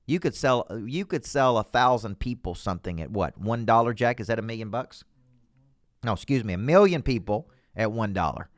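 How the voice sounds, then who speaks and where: Southern man, sales-coach host: folksy, punchy, high energy, middle pitch, dry close sound. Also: lively intonation, normal speed, no room sound. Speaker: business coach hosting a show. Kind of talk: motivational talk to camera. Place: studio.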